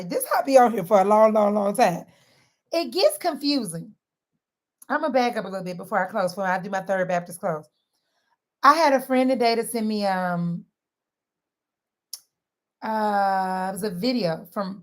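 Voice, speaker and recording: A woman talking straight to her viewers in a lively, sermon-like way, mixing casual slang and laughter into faith-based wellness advice. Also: medium pitch. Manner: animated, sermon-like, southern-inflected slang with frequent laughs. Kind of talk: lively preachy direct-to-camera talk.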